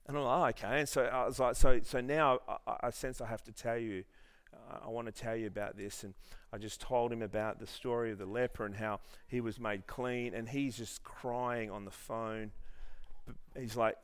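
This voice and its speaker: A man's voice: mid-range voice, steady tone, normal speed, smooth. A man preaching a sermon, telling a story with many restarts and then leading the congregation in earnest prayer. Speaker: pastor.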